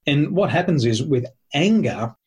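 A man's voice: a little high, expressive, normal speed, darkish tone, slightly rough. A man talking with a host, explaining points in a teacherly, emphatic way and listing them one by one. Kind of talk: conversational explaining.

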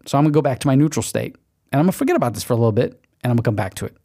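Guy doing a fired-up motivational podcast rant, keeps saying okay and right, mid pitch. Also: very animated, racing, warm tone. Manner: emphatic, pep-talk delivery with repeated okays; drops into mock quoted inner voices. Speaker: podcast host. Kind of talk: motivational monologue.

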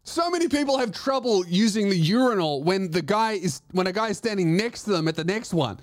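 A man telling a comedic story on his podcast, animated and swearing, acting out the other voices. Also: high voice, a little fast, no echo.

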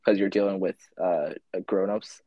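A man's voice: low voice, fairly even intonation, normal speed, dark tone, dry recording, muffled recording. A teenage boy co-hosting a podcast, speaking in a laid-back, hesitant way with many fillers. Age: teens. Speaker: podcast co-host. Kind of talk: casual chat.

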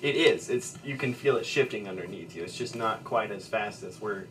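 A man with a fairly low voice runs a tabletop game as its narrator, easygoing and a little halting. He sits some way off from the mic, with a faint hiss of noise behind him. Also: recorded from a distance. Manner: relaxed, hesitant narration with fillers and laughs. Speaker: game master.

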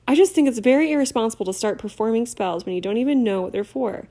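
A woman's voice: fairly high pitch, fast talker, warm tone. A woman doing a stubborn, clever teenage witch. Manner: stubborn and prim.

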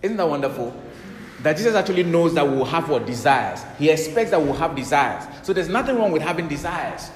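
A man's voice: on the high side, lively intonation, a little fast, a little hiss or hum. A man preaching a sermon emphatically, repeating key words and quoting scripture. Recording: echoey hall with faint ambience.

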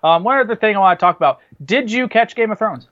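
Man, fairly high voice, casual rambling podcast chat, lots of fillers, slightly muffled lo-fi sound. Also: lively intonation, fast, a bit bright. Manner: chatty, rambling, many fillers and restarts. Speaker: podcast co-host. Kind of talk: casual chat about movies and TV.

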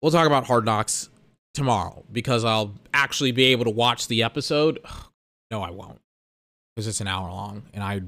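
A man's voice: mid-range voice, normal speed, fairly bright tone, no room sound. A young man hosting a solo podcast, ranting in exasperation about his schedule and swearing freely. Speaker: podcast host.

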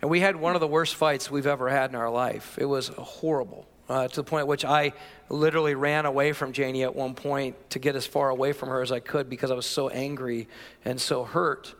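A man's voice: medium pitch, steady tone, a little fast, a bit bright. Earnest man preaching in a hall. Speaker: pastor. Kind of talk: sermon. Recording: reverberant church hall.

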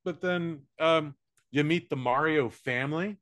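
An American man co-hosting a podcast, reviewing a movie in casual, profane chat with quick silly voices. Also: a little high, a bit bright. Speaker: podcast co-host.

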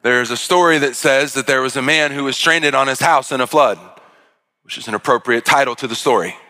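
A man's voice: mid-range voice, a little fast, bright, forceful tone. A man preaching a sermon, telling a story with acted-out voices and many restarts. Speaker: pastor.

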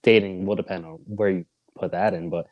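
A man's voice: low voice, fairly even intonation, a little fast, muffled recording. A man co-hosting a casual podcast chat, teasing as he sets up scenarios and leads the questions. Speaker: podcast co-host.

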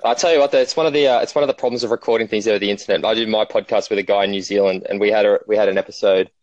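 A man with an Australian accent, a podcast guest chatting casually over an internet call, self-deprecating and relaxed. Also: on the low side, rapid-fire, no echo, dull audio.

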